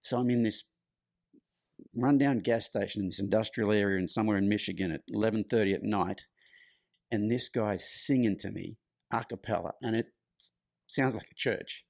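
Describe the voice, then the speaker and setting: Low-voiced man telling a story. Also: normal speed, creaky, no room sound, studio quality. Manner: lively anecdotal storytelling, loose and chatty. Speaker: guest, horse clinician. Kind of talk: storytelling in conversation.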